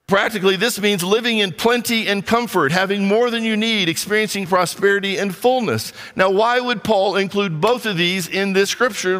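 A man's voice: sits high, fairly bright tone, in a large hall. A male pastor preaching a conversational sermon, reading scripture and acting out little dialogues.

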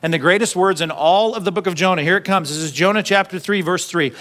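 A man's voice: high voice, fast, few pauses, a bit bright. A man preaching a sermon in a conversational way, acting out quotes and adding jokey asides. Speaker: pastor.

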